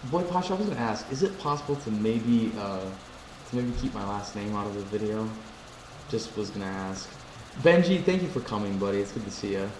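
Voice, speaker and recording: A man hosting a live stream, chatting casually with viewers, joking and reading chat messages aloud. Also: on the low side. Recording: echoey room with faint ambient noise.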